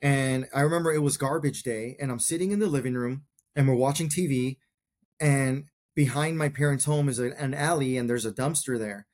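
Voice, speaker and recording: Guest: man in his forties, earnest veteran, mid-pitched, reflective storytelling. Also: a little fast, darkish tone. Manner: earnest, reflective, talks in short plain clauses. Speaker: podcast guest, combat veteran. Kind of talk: personal storytelling in a conversation.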